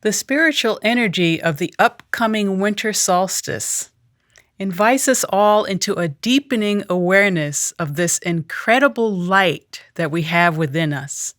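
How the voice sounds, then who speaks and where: A woman leading a guided meditation in a calm, measured, reflective way. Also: medium pitch, no echo, clean studio sound. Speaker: meditation leader.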